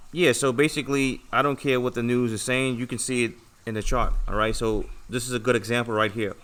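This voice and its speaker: A young man talks from home on a casual livestream, earnest and a little preachy as he lectures his viewers. His voice is bright and forward, and he keeps checking in with them as he goes. The pitch sits in the middle for a man. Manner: earnest, repetitive, lecturing with many "okay" and "all right" checks. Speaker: trading livestream host.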